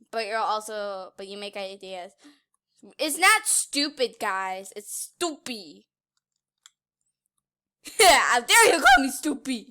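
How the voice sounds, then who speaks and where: A woman giving casual, playful gameplay commentary, giggling and teasing, swinging between loud outbursts and quiet asides. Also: on the high side. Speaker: gaming YouTuber.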